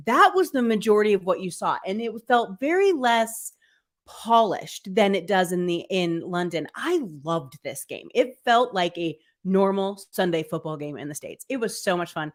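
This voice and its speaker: A woman's voice: mid-range voice, big pitch swings, moderate pace. Chatty woman podcast co-host. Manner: chatty, upbeat, many fillers. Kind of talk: casual live-stream chat.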